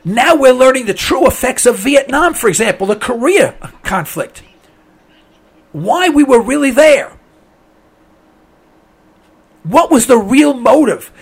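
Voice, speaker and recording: A man hosting a call-in radio show, giving emphatic, opinionated commentary and addressing listeners as folks, his voice giving out as he clears his throat. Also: very high voice, expressive, measured pace, long pauses.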